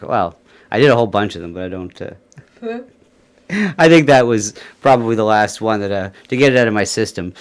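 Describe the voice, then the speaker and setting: A man's voice: on the low side, clear, resonant tone. A man hosting a casual livestream, rambling with many fillers and little chuckles. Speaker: livestream host. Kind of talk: casual chat.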